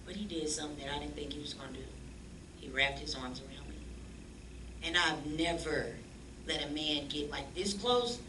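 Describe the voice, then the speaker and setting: A woman telling her life story as a church guest, animated and slangy, acting out the voices of people she quotes. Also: sits low, normal speed. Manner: animated, acts out quoted dialogue in slangy speech. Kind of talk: lively storytelling testimony. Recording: echoey room, distant mic, faint noise.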